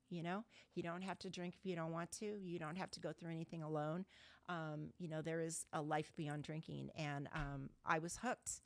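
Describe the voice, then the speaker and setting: A middle-aged woman from Southern California tells her recovery story to an online meeting. Her voice sits low, and she speaks candidly and bluntly, with casual swearing. The sound is dry and close, with no room echo. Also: vocal fry. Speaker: guest speaker. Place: online video call meeting.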